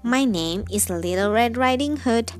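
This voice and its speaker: A polite, trusting little girl from a storybook, speaking in a light, fairly high voice, as a woman narrator gives her lines. Her words come out slowly, with soft music underneath. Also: animated. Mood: innocent. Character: innocent little girl in a red hood.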